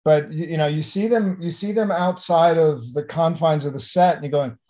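A middle-aged man, an actor, talking in an animated interview, often restarting and repeating words. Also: fairly high pitch, normal speed. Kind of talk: conversational interview.

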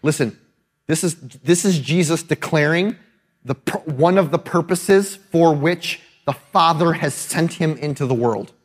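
A man's voice: a little high, measured pace, breathy edge. A male pastor preaching a sermon in a conversational, emphatic way, often checking in with his listeners. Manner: conversational and emphatic, often adding tag questions.

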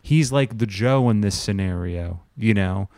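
A man with a lowish, smooth voice co-hosts a loose comedic chat. He rambles crudely and slips into quoted voices. The sound is dry and close. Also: measured pace, darkish tone, dry recording. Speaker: podcast co-host.

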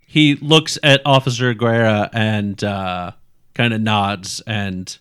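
A man narrating a tabletop role-playing game as game master, in a relaxed, rambling way with many fillers. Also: on the low side, takes it slowly, clean tone.

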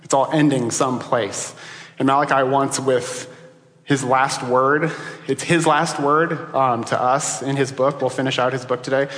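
A man in his thirties preaching a sermon as pastor, conversational and building to animated emphasis. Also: mid-range voice, measured pace. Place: church sanctuary. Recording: echoey hall.

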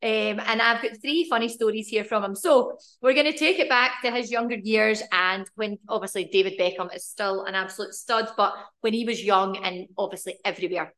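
A woman's voice: medium pitch, a little fast, hardly any pauses, a bit bright. A young Scottish woman co-hosting a podcast, telling stories in a giggly, bubbly way. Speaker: podcast co-host. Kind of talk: casual chat.

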